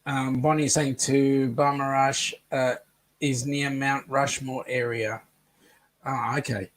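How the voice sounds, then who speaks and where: A man's voice: medium pitch, flat delivery, slow pace. An Australian man co-hosting a casual live chat, reading viewer comments aloud and joking. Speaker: co-host of a live chat stream.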